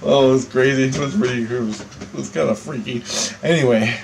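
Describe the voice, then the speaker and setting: A man telling a personal story in a casual monologue, animated and profane, chuckling between lines. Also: medium pitch, fairly quick, creaky, a little hiss or hum, poor audio. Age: adult.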